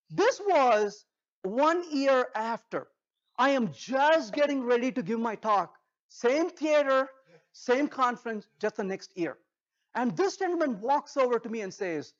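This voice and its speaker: A man giving a humorous technical talk at a conference, an animated storyteller who acts out dialogues. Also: very high voice, measured pace, muffled recording. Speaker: conference speaker. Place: conference stage.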